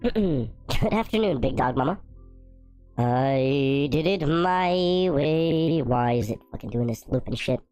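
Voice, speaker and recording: A man talking through a high-pitched chipmunk voice filter, joking and grumbling that it won't work right. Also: big pitch swings, moderate pace, few pauses, a little mellow, faint music behind. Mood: squeaky, annoyed. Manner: frustrated, joking about the glitch. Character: his own chatter turned into a squeaky chipmunk voice.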